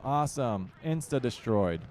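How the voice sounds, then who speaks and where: A man's voice: medium pitch, lively intonation, unhurried, a little mellow, a little hiss or hum. A young man giving casual commentary while playing a strategy game, barking orders at his units and grumbling with joking exasperation. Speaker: gaming channel host.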